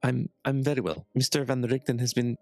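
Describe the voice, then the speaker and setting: A man voicing a polite young girl with premonitions, speaking softly and a little haltingly. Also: medium pitch, no echo, soft background music, close to an everyday voice. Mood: earnest.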